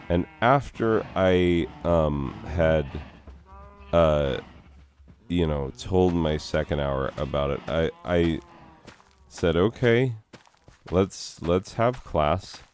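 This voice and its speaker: A man's voice: extremely low pitch, slow pace, pauses often, darkish tone. A man, a teacher, musing reflectively in a casual monologue while struggling with grief. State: emotional, grieving.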